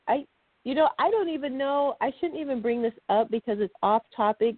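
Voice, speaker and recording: A woman with a slightly high voice co-hosts a podcast, chatting and rambling casually with frequent laughter. The recording is dry and phone-like, with no room sound.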